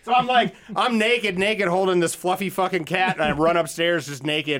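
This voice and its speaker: A man's voice: sits high, fairly even intonation, brisk, few pauses, a bit bright, no echo. A middle-aged man hosting a podcast, telling rambling stories with plenty of swearing and laughter, recorded on a studio microphone. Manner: profane, rambling, laughing often. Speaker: podcast host. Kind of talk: casual storytelling chat.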